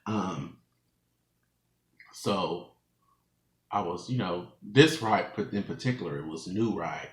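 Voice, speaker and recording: A man's voice: sits low, expressive, slow pace, pauses often. A man in his twenties, a mukbang vlogger telling a rambling story to his viewers at home, laughing often as he talks. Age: 20s. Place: room at home. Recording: echoey room.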